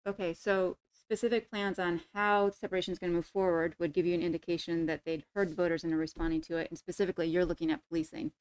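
A woman facilitating a community forum who patiently restates each comment. She talks quickly in a smooth, clear voice. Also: on the low side, little pitch movement, darkish tone.

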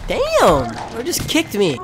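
A young man doing gaming commentary, frustrated and swearing as he yells at enemies. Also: huge pitch swings, takes it slowly, background noise. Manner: frustrated, swearing, yelling at enemies, with wild swings in pitch. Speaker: gamer.

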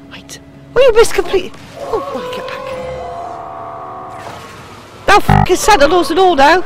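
Excitable British woman, swooping high voice. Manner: excitable, swearing, shrieking. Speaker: gamer. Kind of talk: let's play commentary. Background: game music.

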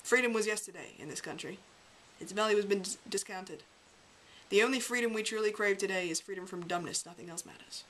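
A woman's voice: mid-range voice, fairly quick, fairly bright tone, low-quality recording. A woman reading a memoir aloud as an amateur reader, with a wry, sardonic delivery.

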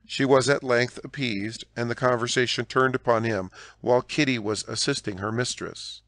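A man narrating an audiobook in a measured, expressive reading. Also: mid-range voice, dry recording.

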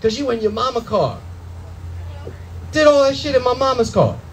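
High-voiced animated stand-up comic. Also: male voice, moderate pace, a little hiss or hum, low-quality recording. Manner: loud, animated storytelling with profanity and acted-out voices. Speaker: stand-up comedian. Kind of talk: stand-up comedy set. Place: comedy club.

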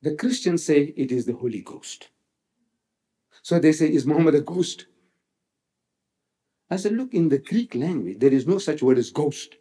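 A man's voice: fairly high pitch, animated, normal speed, long pauses, warm tone. A man giving a public religious lecture, emphatic, repeating phrases for effect and quoting scripture dramatically. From South Africa.

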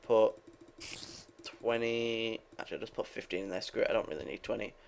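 A young gaming video creator with a lowish, brisk voice and some vocal fry rambles casually while he plays, swearing freely and chatting with his viewers.

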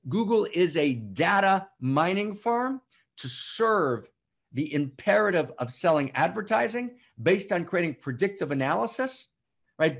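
A man preaches with fervent emphasis, repeating phrases and rising to loud declarations before dropping to quiet, slow passages. His voice is slightly high and husky, with a lively, swooping pitch. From United States. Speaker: spiritual teacher. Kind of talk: impassioned spiritual teaching. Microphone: online broadcast to a live chat.

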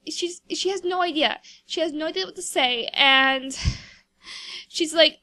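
High-voiced chatty woman gamer. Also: a little slow, pushed and bright, no echo. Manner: rambling, chatty, full of "like". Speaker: gameplay video host. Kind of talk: casual gameplay commentary.

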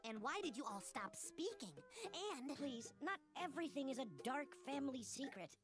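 A woman voicing a curious, outspoken young cartoon girl who fires off quick questions. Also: high-pitched, animated. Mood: pressing. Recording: faint clip under music, from far off.

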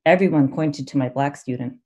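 A woman reading her own essay aloud at a student reading, measured and emphatic, with pointed pauses. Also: rumbling low, darkish tone. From United States. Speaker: MFA student reader.

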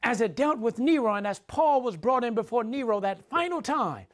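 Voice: medium pitch, animated, normal speed. A preacher giving a sermon, repeating key phrases for emphasis and speaking directly to the congregation.

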